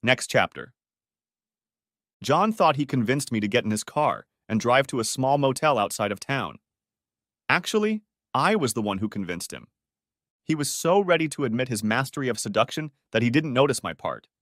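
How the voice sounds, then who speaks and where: Expressive man reading a story. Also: mid-range voice, moderate pace, dry recording, studio quality. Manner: expressive, switching between characters' first-person accounts. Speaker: story narrator. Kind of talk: scripted storytelling narration.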